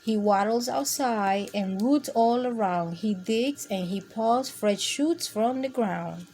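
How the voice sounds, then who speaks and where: A woman reading picture books aloud to children with a gentle, expressive storytime manner. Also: a little high, takes it slowly, a little hiss or hum. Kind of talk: read-aloud storytime for kids.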